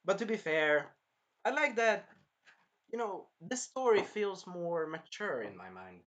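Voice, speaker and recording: Young guy in his twenties, slightly high voice, loose rambling reviewer who bursts out loudly now and then. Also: big pitch swings, unhurried, highs cut off. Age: early 20s. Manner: rambling, jumps between topics with sudden loud bursts. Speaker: film reviewer. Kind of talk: casual rambling movie review.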